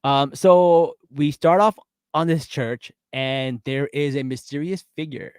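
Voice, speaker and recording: A man co-hosting a pop-culture podcast talks casually and animatedly about a TV episode, with many fillers. His voice is a little high, steady, measured in pace, clear and resonant, with no room sound and a clean studio recording.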